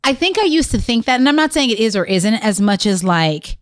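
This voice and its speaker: A woman co-hosting a podcast, chatting casually and telling animated stories about her kids. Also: on the high side, brisk, no echo, studio quality. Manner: animated storytelling with quoted voices. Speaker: podcast co-host. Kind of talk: casual chat.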